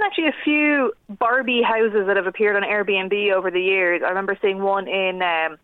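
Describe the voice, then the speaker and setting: A woman's voice: medium pitch, moderate pace, few pauses, no echo. A young Irish woman guest, chatting animatedly about films and laughing often. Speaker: film news editor guest. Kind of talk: casual radio interview. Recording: tinny phone line.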